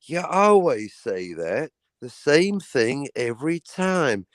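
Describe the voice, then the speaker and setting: Man voicing a young woman robber, loose cannon, animated pitch, dry close sound. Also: takes it slowly, dry recording. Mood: mocking.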